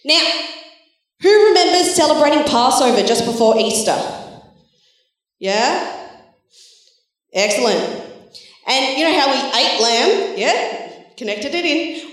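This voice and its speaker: Woman, children's church leader, slow and encouraging, higher voice, echoey hall, distant mic. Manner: animated, encouraging, storytelling to children. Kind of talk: children's Bible talk.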